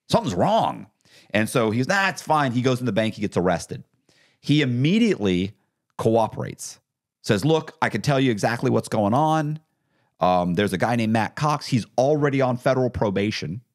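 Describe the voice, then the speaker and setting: A man talking as a podcast guest, telling his story casually and acting out what other people said. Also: lowish voice. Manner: animated, acts out others' lines in quotes. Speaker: podcast guest, former con artist.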